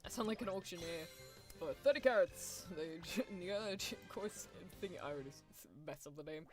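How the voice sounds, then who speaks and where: Excitable woman streaming a game. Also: on the low side, fast talker, soft background music. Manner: excitable, cheers on her runners, laughs often. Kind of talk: casual game stream chat and commentary.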